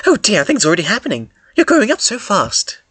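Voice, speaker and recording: A man voicing a gentle, motherly female troll who talks in a cooing, sing-song way, in a fan comic read-aloud. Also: high voice, wildly swooping pitch, fast talker, husky, no room sound, pitched above the performer's own voice, exaggerated voice. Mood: doting.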